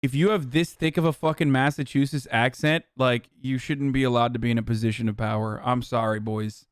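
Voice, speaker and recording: A man's voice: medium pitch, steady tone, fairly quick, smooth, dry recording, studio quality. A man hosting a live stream, reacting to a news clip with heated, blunt and profane commentary. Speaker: streamer host.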